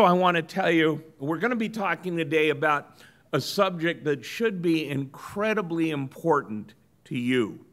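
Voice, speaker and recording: A middle-aged man from Southern California giving a business lecture in a measured, good-humored storytelling manner. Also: on the high side, a bit bright. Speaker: guest lecturer.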